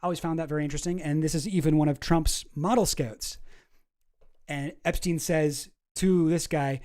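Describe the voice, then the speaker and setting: A man's voice: a little high, fairly even intonation, moderate pace, darkish tone. A man hosting casual online commentary, wry and sarcastic as he reads through documents.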